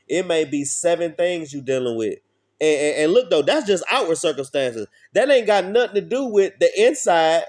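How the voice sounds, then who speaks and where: A man's voice: high voice, darkish tone. A man preaching an informal street sermon, blunt and profane, often asking his listeners questions.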